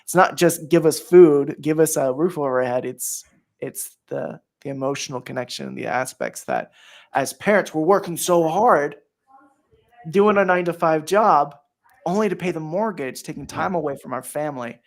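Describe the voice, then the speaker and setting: A man's voice: on the high side, sing-song, normal speed, vocal fry. A man hosting a casual podcast chat, earnest and emotional, with many fillers and restarts. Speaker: host.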